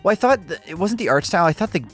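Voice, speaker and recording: A man's voice: high-pitched, expressive, very fast, faint music behind. A man chatting about games over an online call whose audio sounds robotic, rambling with many restarts. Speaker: co-host. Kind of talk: casual chat about games.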